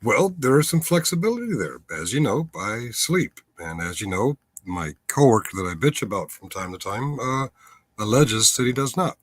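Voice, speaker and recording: In a medium-pitched voice with big pitch swings, a livestream host chats casually at a moderate pace, recorded dry. His delivery is wry and meandering, full of self-interruptions and fresh starts.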